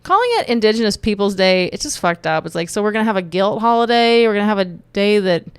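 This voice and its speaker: A woman's voice: medium pitch, expressive, fast talker, smooth, no room sound. A woman from Texas giving her opinions in a casual vlog, joking and rambling with many restarts. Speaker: YouTube commentator.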